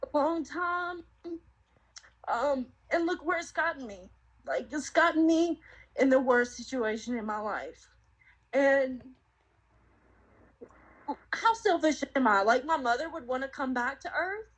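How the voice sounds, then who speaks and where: Her voice is high-pitched and animated yet unhurried, with long pauses, as this woman earnestly recounts her testimony during an interview. She reflects as she goes, leaning on lots of fillers, and the recording is rough.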